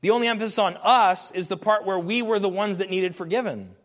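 A man's voice: sits high, a little fast, a bit bright, long reverb tail. A man preaching a sermon as a pastor, earnest and emphatic, his voice rising in bursts.

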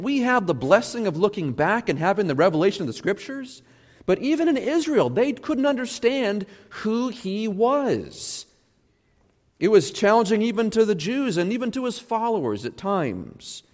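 A male pastor preaching a sermon, animated, acting out quoted voices as he goes. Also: on the high side. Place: church sanctuary. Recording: long church reverb.

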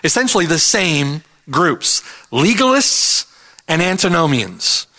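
A man's voice: on the high side, big pitch swings, slow, bright, forceful tone. A man preaching an expository sermon in an emphatic, earnest way, repeating his key points for stress.

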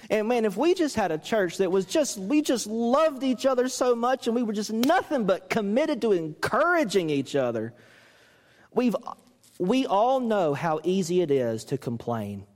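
Animated man preaching in a reverberant church. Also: high voice. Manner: animated, acts out quoted coaches with rising voice. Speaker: pastor. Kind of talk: sermon.

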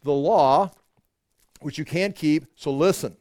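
A male pastor preaching a verse-by-verse sermon, reading scripture aloud and commenting in an animated way, slipping into mock voices for emphasis. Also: a little high, slow, no echo, studio quality.

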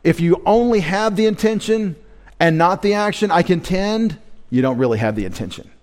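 A man's voice: high-pitched, expressive, moderate pace. A man preaching a midweek sermon as pastor, emphatic, asking rhetorical questions and quoting scripture.

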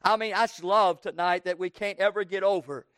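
A man preaches at an evening service, repeating lines rhythmically, calling for "Amen" from the congregation, and building to fervent intensity. His voice is clear, resonant, and fairly bright, with fairly even intonation at a moderate pace. The recording is dry, clean studio sound.

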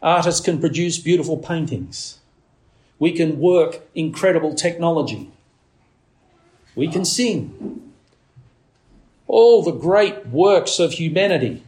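A man's voice: expressive, slow pace, pauses often, darkish tone. A man preaching a sermon in an earnest tone, who now and then mimics a demanding baby. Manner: earnest preaching, acts out a baby's demands in a shrill voice. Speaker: pastor.

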